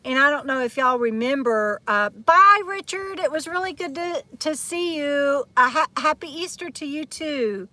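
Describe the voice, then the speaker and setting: In a dry recording, a Texas woman's high, pushed, bright voice runs at normal speed with hardly any pauses. As a vlogger hosting a live chat, she sits in the shade by an RV, talking into a handheld phone, rambling casually and laughing a lot.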